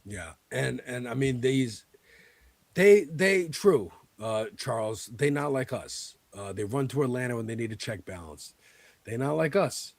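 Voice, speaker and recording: Gravelly American man, casual podcast host. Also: mid-range voice, lively intonation, measured pace, dry recording. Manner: loose, laughing, swears freely. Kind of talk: casual political chat.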